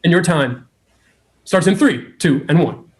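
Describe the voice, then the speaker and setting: A man moderating an improv game, encouraging and brisk as he counts players in. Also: a little high. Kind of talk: casual game hosting.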